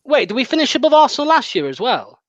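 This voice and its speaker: A man's voice: extremely high pitch, big pitch swings, fast talker, a bit bright, no room sound. A man hosting a live football watchalong, chatting casually and hesitantly with plenty of fillers and laughs. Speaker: fan channel host. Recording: dry, dull lo-fi sound.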